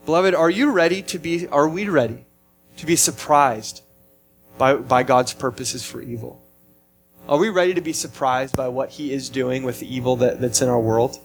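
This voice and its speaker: A man's voice: medium pitch, normal speed, soft background music. A man preaching a sermon in an earnest, emphatic way, often restarting his phrases as he explains a passage. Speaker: pastor.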